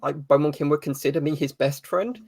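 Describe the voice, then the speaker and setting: A man's voice: a little high, fairly quick, creaky. Thoughtful guy answering interview questions, bit hesitant, dry jokes, no room echo at all. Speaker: author as guest.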